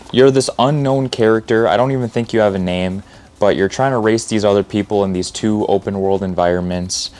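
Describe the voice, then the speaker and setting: Deep-voiced laid-back gaming vlogger. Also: male voice, darkish tone. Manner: stumbles and restarts, says he stutters a lot; laid-back slangy enthusiasm. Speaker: retro gaming video host. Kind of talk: casual unscripted game retrospective.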